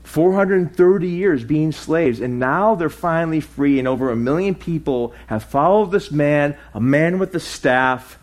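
Guy preaching a sermon, kinda high voice, gets loud then drops way down. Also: a little slow, hardly any pauses. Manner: animated preaching with sweeping pitch and loudness swings. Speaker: pastor.

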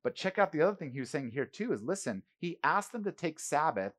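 A man's voice: a little high, very animated, fast, fairly bright tone. Male pastor, casual but emphatic sermon delivery. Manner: emphatic, conversational, asks the crowd "right?".

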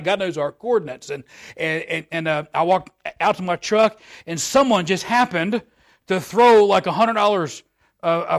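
A man preaching a sermon in a folksy, repetitive way that swells louder at the high points.

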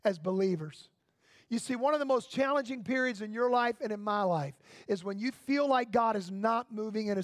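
A man preaching a sermon in church, impassioned, firing off repeated rhetorical questions and rising to shouts. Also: high-pitched, no echo, studio quality.

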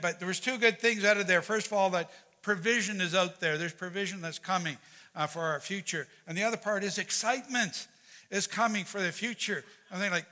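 Bright-voiced pastor in a reverberant hall. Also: male voice, sits high, fairly quick. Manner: earnest, repeats words, animated when retelling. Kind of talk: sermon with prayer and storytelling.

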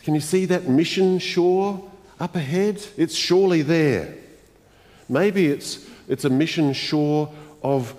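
A man preaching a sermon as the pastor of a church congregation, in a slow, reflective way, often asking the listeners questions. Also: fairly high pitch, darkish tone. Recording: long reverb of a church hall.

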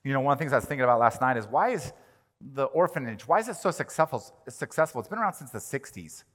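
A male pastor delivering a sermon, animated, swinging from loud emphatic lines to quiet ones. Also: medium pitch, fast. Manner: animated, rises and drops in volume for emphasis. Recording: long reverb of a large hall.

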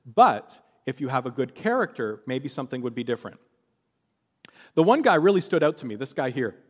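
A man's voice: medium pitch, big pitch swings, brisk, long reverb tail. A man preaching a sermon, telling a story with animation and acting out the voices of the people in it.

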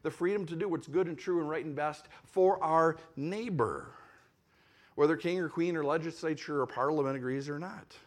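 A man's voice: a little high, normal speed. A man with a slightly raised voice preaches a sermon in a conversational tone. He repeats phrases for emphasis and voices the objections of imagined listeners before answering them. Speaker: pastor.

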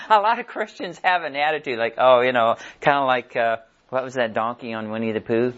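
A man's voice: mid-range voice, a little fast. An older man leading a casual Bible study lesson, talking conversationally, joking and acting out stories. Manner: conversational, jokey, tells stories with acted dialogue. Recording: dull lo-fi sound.

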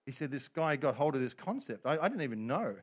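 A man's voice: mid-range voice, big pitch swings, quick pace, breathy edge. A middle-aged man preaching a sermon as pastor, telling stories with humor and quoted voices.

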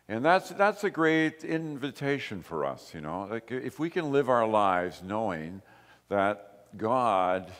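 A man preaching a sermon as pastor, slow and emphatic, with repeated short phrases. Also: lowish voice, big pitch swings, fairly bright tone, in a large hall. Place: church.

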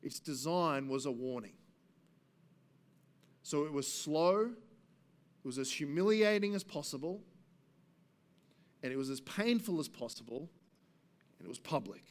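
A man with a high-pitched voice preaches through a passage, earnest and searching. He pushes up for emphasis, then sinks into low, hushed stretches. The delivery is unhurried and conversational. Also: animated. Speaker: pastor. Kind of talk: expository sermon.

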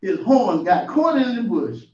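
A man's voice: high voice, very animated, a little slow, warm tone. A man preaching an informal sermon in a folksy storytelling way, building up to exclamations. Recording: distant, echoey, muffled room recording.

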